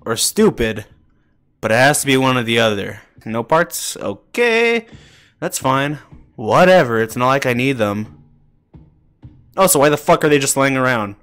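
A young man with a runny nose, playing a horror game as a streamer, swearing a lot, jumpy, muttering and talking to himself. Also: medium pitch. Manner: swears a lot, jumpy, shouts and laughs at scares, whispers when hiding. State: runny nose, recovering from illness. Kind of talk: casual let's play commentary.

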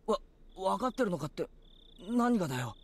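A man's voice: high voice, full character voice. A man voicing a brash, hot-headed teenage schoolboy in an anime-style game. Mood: tense. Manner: rapid, lively and brash. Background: game music.

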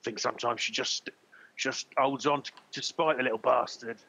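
A man's voice: medium pitch, steady tone, normal speed, bright, forceful tone, breathy edge. A man doing a sweary grumpy barman. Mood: grumbling. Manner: sweary, grumbling. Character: foul-mouthed grumpy male tavern barman.

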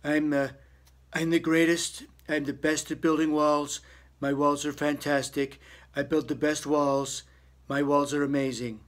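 A man doing a comic impression of a boastful older politician, with a deep husky voice that brags and repeats itself. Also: flat delivery, measured pace, lightly acted. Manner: boastful, repeats himself over and over. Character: boastful older male politician impression, blustering and self-praising.

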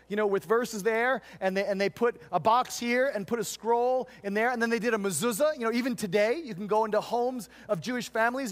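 An American pastor in middle age preaches a sermon full of stories, his high voice swinging from loud, emphatic stretches to hushed, tender ones.

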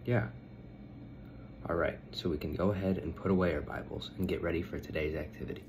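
A man asking children simple questions about a Bible reading in a calm, plain way. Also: extremely low pitch, fairly quick. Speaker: Sunday school teacher. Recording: noisy background hiss.

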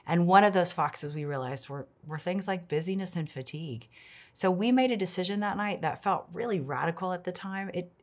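A woman's voice: fairly low pitch, a little fast. A middle-aged woman giving an earnest, reflective devotional talk as a ministry speaker.

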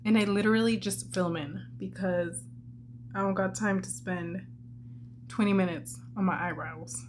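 A woman's voice: medium pitch, fairly even intonation, unhurried, a little hiss or hum. A young woman talking candidly and chattily in a casual makeup vlog while she tells a personal story, filling her talk with "like". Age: young adult. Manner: candid and chatty, many "like" fillers. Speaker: vlogger.

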